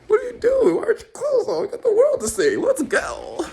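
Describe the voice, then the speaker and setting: A man voicing an outraged, bewildered newborn baby boy who whines, cries and shouts in disbelief. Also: extremely high pitch, big pitch swings, brisk, gravelly, slight background noise, pitched above the performer's own voice, full character voice. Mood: frantic. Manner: whiny, crying, shouting in disbelief.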